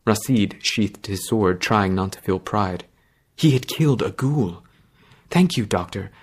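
A man narrating a fantasy story in a measured, dramatic reading. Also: fairly low pitch, slightly rough.

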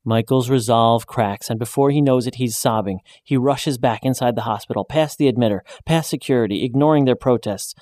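A man reading a short story aloud in a measured, even storytelling voice, raising his pitch when he speaks the woman's lines. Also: no room sound. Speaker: narrator. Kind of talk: scripted story narration.

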